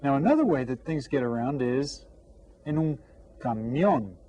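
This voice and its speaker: A man's voice: mid-range voice, animated, mellow, highs cut off. Patient man teaching beginner vocabulary. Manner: slow, drawn-out repetition of vocabulary for students; friendly, coaxing questions to the class. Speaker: Spanish teacher. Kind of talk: televised classroom lesson.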